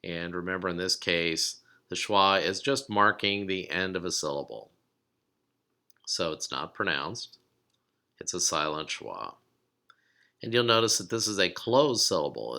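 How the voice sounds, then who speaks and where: A man giving a recorded lesson, explaining steps calmly and sounding out words slowly. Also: deep voice, creaky. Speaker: teacher.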